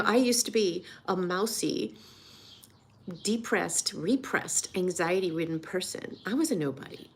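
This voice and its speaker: Gravelly earnest woman in her sixties. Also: on the low side, darkish tone, slight background noise. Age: 60s. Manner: emotional, earnest and encouraging. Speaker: weight loss coach. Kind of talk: personal vlog testimony.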